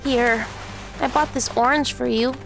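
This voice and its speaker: An actress voicing a sensible, caring eleven-year-old big sister in an audio drama. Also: female voice, fairly high pitch, fairly even intonation, measured pace, vocal fry, fairly bright tone, faint music behind.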